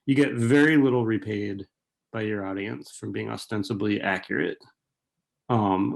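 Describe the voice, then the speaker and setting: An author and fiction-writing professor with a mid-range voice and vocal fry answers audience questions over a video call. He rambles casually, filling his replies with fillers and rhetorical "right?" tags.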